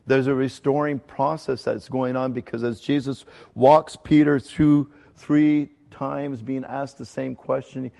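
Pastor, man, conversational sermon delivery, gravelly voice, long hall reverb. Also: mid-range voice, level tone, warm tone. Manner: conversational, earnest teaching with emphatic slow stresses.

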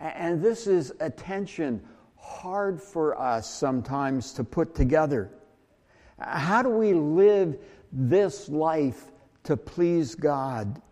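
A man preaching a sermon, talking slowly and haltingly with frequent restarts and fillers. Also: fairly high pitch, warm tone, big-room sound. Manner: slow, halting delivery with many restarts and fillers. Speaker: pastor.

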